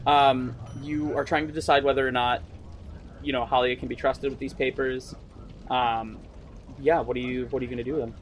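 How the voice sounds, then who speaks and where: A man's voice: medium pitch, flat delivery, fairly quick, slight background noise. Chatty, laughing game master man. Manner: casual, chatty, frequent laughs and fillers. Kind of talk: narrating a tabletop game.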